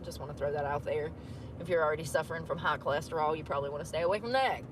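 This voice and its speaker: A woman rambles through a casual rant as she drives, swearing, chatting and tossing in drawling asides. Her voice is low and very fast, with traffic and outdoor noise in the background.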